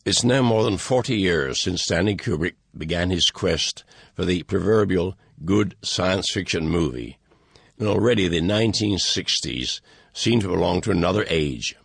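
A man, the author, reading a measured introduction to his book with a dry, wry manner. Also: low-pitched, expressive, creaky, slightly rough, no echo. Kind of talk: recorded introduction, read aloud.

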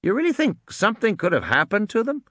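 A man's voice: high-pitched, huge pitch swings, quick pace, a bit bright, dry recording, studio quality, pitched above the performer's own voice, full character voice. A man playing a nervous, shaken lawyer. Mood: anxious.

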